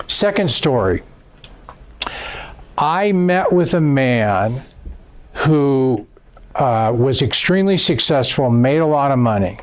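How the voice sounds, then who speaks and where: A man giving a seminar lecture who tells stories and acts out quotes in an animated, emphatic way. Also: on the high side. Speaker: seminar speaker. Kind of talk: lecture with storytelling. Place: seminar room.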